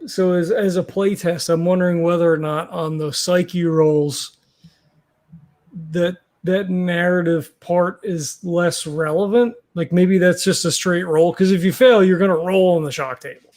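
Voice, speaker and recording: A man with a high, light voice runs a tabletop horror game as game master. He talks loosely and conversationally, working out the rules aloud as he goes. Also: steady tone, unhurried, a little mellow. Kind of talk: running a tabletop game playtest.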